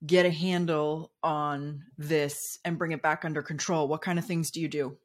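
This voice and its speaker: A woman hosting an interview, asking questions in a measured, attentive way. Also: low voice, level tone. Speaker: podcast host. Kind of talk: interview conversation.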